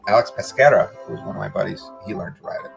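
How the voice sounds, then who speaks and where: A man's voice: lowish voice, racing, gravelly, faint music behind. A man co-hosting a casual chat, with dry, blunt remarks. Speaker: show co-host.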